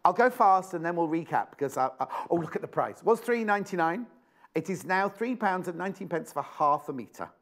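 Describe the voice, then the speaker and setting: A man's voice: high-pitched, lively intonation, brisk. A British man presenting a live TV shopping show, chatty and exclamatory, repeating prices and phrases. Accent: British English.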